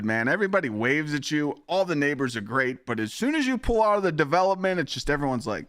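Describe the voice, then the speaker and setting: A male gaming streamer rants profanely to his chat, his pitch swinging widely as he gets worked up and laughs. His voice comes through dry, close and unroomy. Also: very animated, fast talker, hardly any pauses, fairly bright tone, dry recording. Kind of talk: casual live-stream chat.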